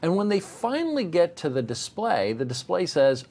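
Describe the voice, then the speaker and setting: A middle-aged man teaching a technical course live, animated and joking, sometimes acting out little voices. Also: sits high, moderate pace, hardly any pauses. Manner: animated, jokey, acts out voices. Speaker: instructor. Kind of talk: live technical demo with banter.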